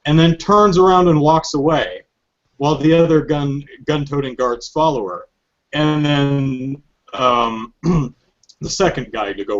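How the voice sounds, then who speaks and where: A man hosting a podcast in casual chat, telling stories in an animated, joking way. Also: medium pitch, moderate pace, highs cut off. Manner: animated, joking storytelling with frequent laughs. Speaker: podcast host.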